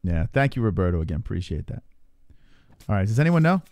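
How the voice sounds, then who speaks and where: A man's voice: lowish voice, big pitch swings, fast, darkish tone, no echo. A man hosting a casual live fight reaction stream, reading viewer comments aloud and bantering. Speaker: livestream host.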